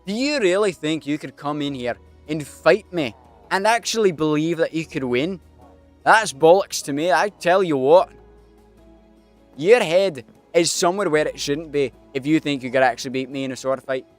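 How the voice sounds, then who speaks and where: A man's voice: a little high, moderate pace, faint music behind, pitched above the performer's own voice, lightly acted. A man voicing a boastful, cowardly swordsman with a put-on Scottish accent, cocky and taunting.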